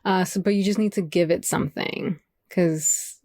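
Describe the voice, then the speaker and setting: A woman's voice: lowish voice, fairly even intonation, normal speed, darkish tone, dry recording. Chatty woman podcast host, dry sound. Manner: chatty, many fillers, giggly asides. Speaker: podcast co-host telling folklore. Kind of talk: casual podcast chat.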